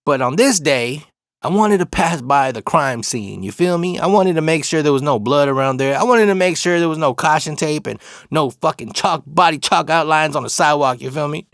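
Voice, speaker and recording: A man from Arizona casually telling a personal story, profane and slang-heavy, with animated retelling. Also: a little high, moderate pace, no room sound, studio quality. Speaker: storyteller host.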